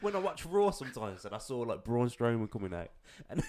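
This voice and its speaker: A man's voice: medium pitch, big pitch swings, fairly quick, darkish tone. A man co-hosting a podcast, chatting casually, swearing freely and laughing often. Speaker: podcast co-host. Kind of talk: casual chat.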